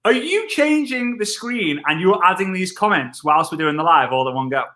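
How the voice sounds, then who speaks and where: A man, an energetic and jokey network marketing trainer chatting on a live stream. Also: high-pitched, normal speed. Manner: excitable, jokey, wordplay.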